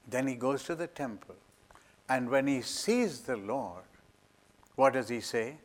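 A man preaching a sermon with dramatic storytelling, acting out voices and swinging from loud declarations to hushed asides. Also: medium pitch, animated, a little slow, long pauses.

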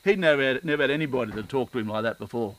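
A man's voice: medium pitch, very fast, no room sound, poor audio. A middle-aged man, preaching a sermon and telling stories, with earnest repetition for emphasis. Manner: earnest storytelling, repeats phrases for emphasis.

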